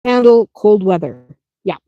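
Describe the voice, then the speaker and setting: Recorded with no room sound and the highs cut off, a woman with a mid-range voice speaks a bit slowly. She runs a small farm and explains things casually in response to viewer questions, chatting practically, laughing readily, and punctuating points with "okay?"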